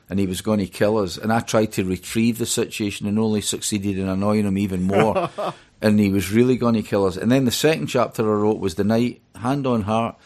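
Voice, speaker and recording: A middle-aged man with a Scottish accent talks through his stories in a chatty, rambling way. His voice sits a little low, and he fills the gaps with plenty of fillers. He sounds like a guest in a radio interview. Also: darkish tone. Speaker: author and DJ guest.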